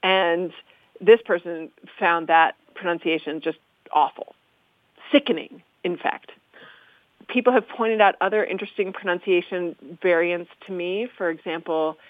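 A woman's voice: fairly low pitch, a little slow, dry recording. A woman historian of the language explaining usage in conversation, articulate and amused, lecturing in an easy way. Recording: tinny phone-like dry sound.

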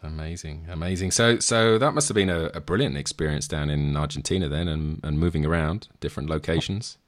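A man's voice: a bass voice, brisk. A man hosting a podcast, introducing the episode and interviewing a guest, often repeating words as he goes. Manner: friendly, repeats words while thinking. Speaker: podcast host.

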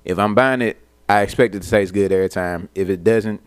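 A man co-hosting a podcast, talking in a deliberate, measured way with features. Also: fairly low pitch, clean tone, no echo. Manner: deliberate, measured talk with profanity. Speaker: podcast co-host. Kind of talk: casual chat.

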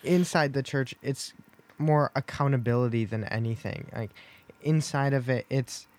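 A man's voice: medium pitch, normal speed, darkish tone. Jokey man laughing in casual podcast chat. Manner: jokey, laughs often, self-deprecating. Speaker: podcast co-host.

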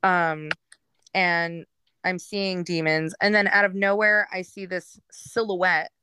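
Frank, bright-voiced woman telling her story. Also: lowish voice, level tone, takes it slowly, clear, resonant tone, dry recording. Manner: frank, rambling, with frequent fillers and laughs. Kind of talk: candid personal storytelling.

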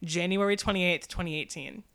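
A young woman co-hosting a podcast in casual chat, talking fast and often stumbling over her words. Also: lowish voice, fairly bright tone. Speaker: podcast co-host.

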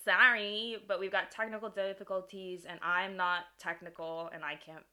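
A woman's voice: lowish voice, little pitch movement, normal speed, bright, forceful tone, clean tone. A woman co-hosting a podcast in casual chat, giggly and rambling, poking fun at herself while sharing one microphone. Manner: giggly, rambling and self-deprecating. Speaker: podcast co-host.

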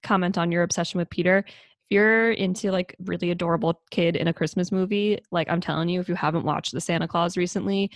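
A young woman co-hosts a casual chat in a relaxed, wry way. Her voice is low for a woman, with heavy vocal fry. It is recorded close and dry. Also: fast talker, no echo. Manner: relaxed and wry, with frequent ums and laughs. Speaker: podcast co-host. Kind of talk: casual chat recapping a movie.

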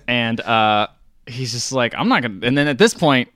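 A man's voice: mid-range voice, animated, normal speed, a bit bright, no echo, clean studio sound. Casual man recapping a film. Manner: retells scenes, quoting characters in mumbled asides. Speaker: podcast co-host. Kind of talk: casual movie recap chat.

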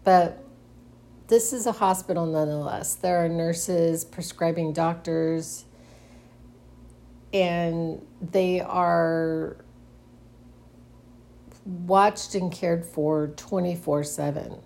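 A woman's voice: fairly low pitch, fairly even intonation, takes it slowly, pauses often, a little mellow. A middle-aged woman hosting a casual solo monologue, speaking hesitantly with frequent restarts and nervous giggles. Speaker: podcast host.

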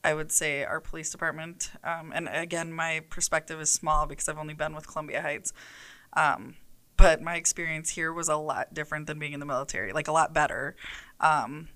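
Low, smooth-voiced woman officer. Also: fairly even intonation, a little fast, sharp tone. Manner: hesitant, filler-heavy questioning. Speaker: police officer co-host. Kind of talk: conversational interview.

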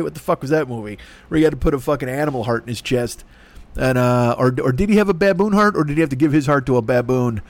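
A middle-aged podcast host rants and rambles through a profane comic monologue, swearing often and mocking other voices. His voice sits at medium pitch, and there's no echo.

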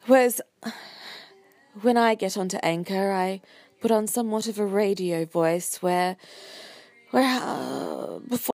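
A woman's voice: mid-range voice, a little mellow. A woman with an Australian accent hosting a podcast in a chatty, rambling, self-deprecating way. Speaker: podcast host. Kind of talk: casual chat.

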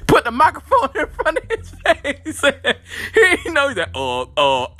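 Bright, lively-voiced podcast man, loose and profane. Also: very high-pitched, measured pace. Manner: loose and profane, talks straight to listeners. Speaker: podcast host. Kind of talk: casual comic storytelling.

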